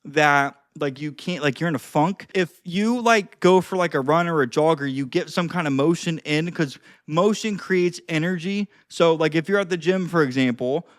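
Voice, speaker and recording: A man's voice: a little high, moderate pace, few pauses, no echo, clean studio sound. A young man giving casual social-skills advice to camera, rambling with lots of fillers and the odd swear word. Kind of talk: casual talking-head advice.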